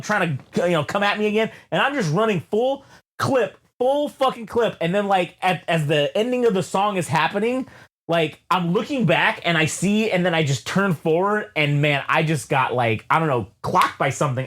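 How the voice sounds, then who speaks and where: A man co-hosting a loose album review chat, his pitch swinging widely as he rambles through a story. He swears constantly, laughs often, and jumps into loud, high, yelled quotes of himself. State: sweaty. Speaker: podcast co-host reviewing an album. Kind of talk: casual chat, animated storytelling.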